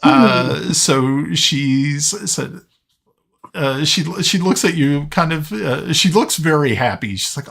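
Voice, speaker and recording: A man narrating a tabletop game as dungeon master, halting often with fillers and restarts. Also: a little high, creaky, fairly bright tone.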